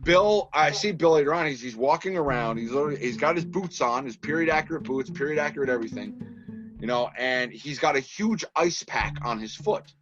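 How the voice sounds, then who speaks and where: A man's voice: on the high side, brisk. Storytelling man on a muffled podcast. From Massachusetts. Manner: animated storyteller, lots of restarts and laughs. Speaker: podcast guest, filmmaker. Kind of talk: casual interview chat. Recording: dull lo-fi podcast audio with faint music.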